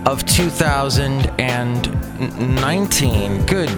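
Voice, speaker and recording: A man's voice: medium pitch, expressive, takes it slowly, loud music behind the voice. Chatty exasperated male podcast host. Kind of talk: casual solo podcast monologue.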